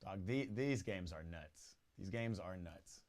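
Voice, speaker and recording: A man hosting a live football watch party stream, reacting excitedly and chatting casually to viewers in slang. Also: low-pitched, measured pace. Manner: excitable, slangy, exclaims at goals.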